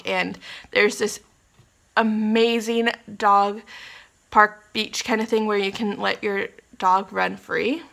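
A woman's voice: medium pitch, gravelly, fairly bright tone. A young woman vlogging from her condo, chatting in a scattered, giggly way with plenty of ums and apologies. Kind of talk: casual rambling vlog chat.

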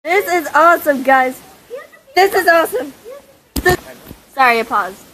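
Super bright giddy girl squealing outside in the snow, phone cam, faint hiss behind. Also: high voice, lively intonation, unhurried, rough recording. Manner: giddy, squealing, laughing, repeats herself. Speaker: vlogger. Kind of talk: excited home video chat. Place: outdoors in fresh snow.

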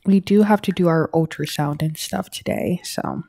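Chatty woman with a mellow voice. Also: low-pitched, normal speed, vocal fry. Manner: chatty, exclaiming, self-interrupting. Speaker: gaming creator. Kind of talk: casual let's-play commentary.

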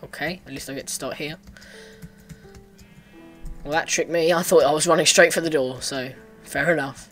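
A man's voice: a little high, steady tone, moderate pace, pauses often, fairly bright tone, faint music behind. A man giving casual commentary while playing a parkour game, talking to himself with sudden frustrated outbursts. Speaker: gaming let's player.

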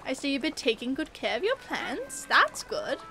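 A woman's voice: high-pitched, huge pitch swings, normal speed, music in the background, exaggerated voice. A woman voicing a boastful, chatty old uncle frog as she reads a game aloud. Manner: boastful, reminiscing.

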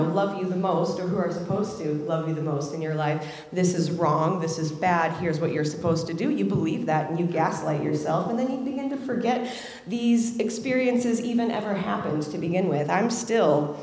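Woman, thirties, frank reflective storyteller, lower voice, very roomy live-hall sound. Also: darkish tone. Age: 30s. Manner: candid, reflective, acts out quoted voices. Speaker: speaker at a community event. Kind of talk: personal storytelling speech. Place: large event hall. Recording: echoey hall with long reverb.

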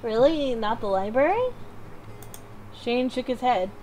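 A woman with a high, lively voice reads a visual novel aloud in a relaxed, unhurried way, giggling between lines. Faint hiss sits under her voice. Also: poor audio. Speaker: co-host reading the game. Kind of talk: casual visual novel let's play.

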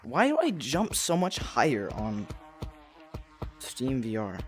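A young man streaming a game in casual chat with friends, excitable with sudden loud outbursts. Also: medium pitch, slow, soft background music.

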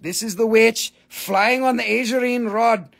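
Brief: excitable male host selling crystals live on a phone, husky high voice, casual cursing. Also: unhurried. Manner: excitable, chatty, swears casually, laughs often. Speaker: crystal seller hosting a live sale. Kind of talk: live-stream sales chat.

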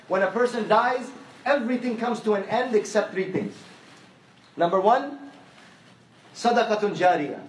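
A male preacher with a high-pitched, animated voice delivers a conversational sermon at a moderate pace, leaving long pauses. He tells stories and repeats his phrases to drive his point home. The mic sits at a distance in an echoey hall.

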